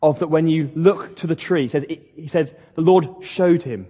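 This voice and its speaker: A man's voice: a little high, normal speed, dark tone, slightly rough. A man preaching a sermon in a conversational way, with slips and restarts. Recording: dull lo-fi sound in a reverberant hall.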